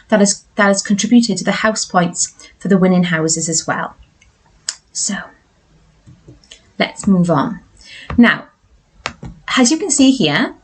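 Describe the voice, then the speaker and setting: A woman's voice: medium pitch, husky, poor audio. Woman teacher leading an assembly. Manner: bright, sing-song, leading call-and-response. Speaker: primary school teacher. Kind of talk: school assembly address to young children.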